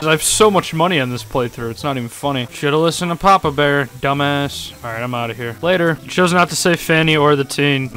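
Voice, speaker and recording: A man's voice: a little high, sharp tone, a little hiss or hum. A young man giving casual, sarcastic let's-play commentary, joking and swearing freely as he plays. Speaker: gaming YouTuber.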